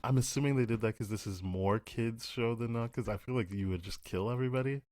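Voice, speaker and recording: A man's voice: medium pitch, fast talker, noisy background. A man co-hosting a podcast, chatting casually and bluntly, swearing freely and acting out characters' lines. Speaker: podcast co-host. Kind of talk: casual spoiler review chat.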